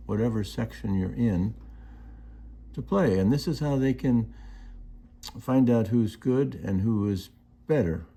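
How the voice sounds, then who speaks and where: Man, music teacher, gravelly, slow-paced, counts beats aloud. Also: medium pitch, warm tone. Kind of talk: instructional explanation.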